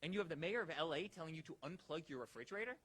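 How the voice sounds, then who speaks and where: A man's voice: a little high, animated, rapid-fire, fairly bright tone. A man giving a rousing campaign rally speech, firing off repeated rhetorical questions at the crowd. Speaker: political rally speaker.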